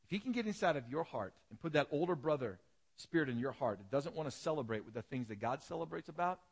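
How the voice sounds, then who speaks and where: A man's voice: medium pitch, husky. A male pastor preaching a sermon and retelling a parable as a vivid, dramatic storyteller.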